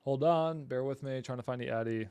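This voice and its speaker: A man's voice: medium pitch, brisk, a little mellow, clear, resonant tone, no room sound. A man hosting a casual livestream, apologetic and flustered while he fights his equipment and talks to viewers. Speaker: livestream host.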